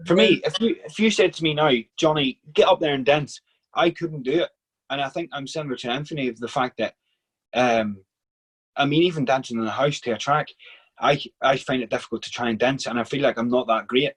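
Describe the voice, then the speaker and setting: A male interviewer with a husky voice at an ordinary pitch for a man. He talks in a friendly, encouraging way and often restarts his sentences. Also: fairly quick. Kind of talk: casual interview talk.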